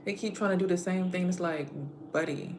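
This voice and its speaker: A woman giving a blunt, casual spiritual monologue, speaking in a streetwise, profane way and swinging from muttered asides to loud outbursts. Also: on the low side, fairly even intonation, fairly quick, noisy background. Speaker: spiritual content creator.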